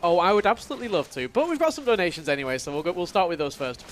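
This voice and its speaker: Give me a man hosting a charity speedrun marathon, reading donations with a lively, high voice. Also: racing, slight background noise. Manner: light, jokey reading of donation messages. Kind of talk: live marathon commentary.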